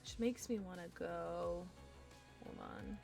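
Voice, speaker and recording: An excitable woman chatting to herself and her stream viewers while she builds a card game deck, with bursts of delight. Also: on the low side, takes it slowly, gravelly, over music. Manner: excitable, talks to herself while browsing cards. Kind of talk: casual live-stream deckbuilding chat.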